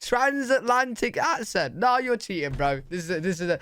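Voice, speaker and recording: A young British man reacting to video clips in a casual, excitable, slang-heavy way. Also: high-pitched, quick pace, smooth. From Britain. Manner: excitable, slangy, says "bro" a lot.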